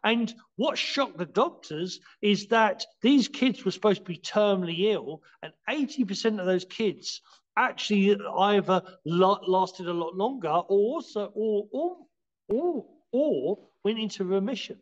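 Halting high-voiced man, lo-fi. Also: lively intonation. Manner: halting, many restarts and "you know"s; explains by acting out scenes. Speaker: martial arts teacher, podcast guest. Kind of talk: casual podcast interview.

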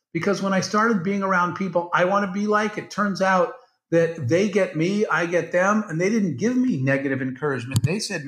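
A man, a guest entrepreneur, tells a story and acts out each line of quoted dialogue. His voice sits a little high for a man. It is recorded in a roomy space that gives it a clear echo. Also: a bit bright. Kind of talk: storytelling in a podcast interview. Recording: roomy, echoey sound.

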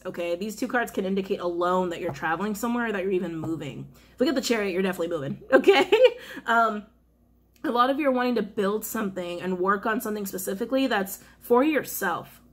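A chatty woman talks her viewers through a tarot reading in an easy, casual way. She leans hard on her points and says them again and again. Her laugh slips in often between the cards. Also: medium pitch. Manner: chatty, emphatic, repeats phrases, laughs often. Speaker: tarot reader.

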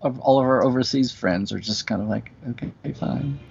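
A man co-hosting a casual livestream, talking chattily with quick asides and frequent chuckles. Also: mid-range voice, creaky, darkish tone, faint music behind. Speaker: co-host. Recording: dull lo-fi video call audio.

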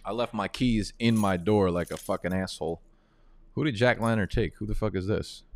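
A man's voice: fairly low pitch, normal speed. Profane, trash-talking young man. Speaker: fantasy football analyst. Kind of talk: casual live-stream commentary.

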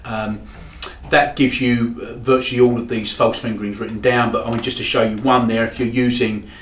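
A man, teaching saxophone in a halting, explanatory way with frequent pauses. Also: medium pitch, little pitch movement. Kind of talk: demonstrating tutorial. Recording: echoey room with faint background noise.

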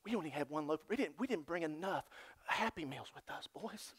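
A man voicing worried male disciples in a boat, muttering low and sheepish. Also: animated, brisk, husky.

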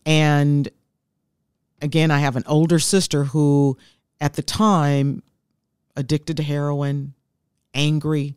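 A woman's voice: sits low, level tone, slow, pauses often, a little mellow, clear, resonant tone, no echo. Middle-aged woman sharing her story on a podcast, dry close sound, earnest. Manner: heartfelt, reflective storytelling. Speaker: guest. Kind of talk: personal storytelling in an interview.

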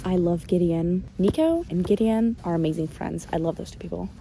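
A woman's voice: fairly low pitch, brisk, gravelly, warm tone, a little hiss or hum. A young woman casually vlogging about a book she's reading, chatty and swearing now and then, filmed on a phone. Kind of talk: casual vlog chat. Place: outdoors in a park, then at home.

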